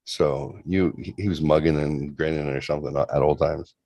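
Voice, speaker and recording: A man's voice: very deep voice, steady tone, moderate pace, vocal fry, mellow, no room sound. A man in his forties casually telling a long story on a livestream, loose and profane, with lots of rambling asides. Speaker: show host.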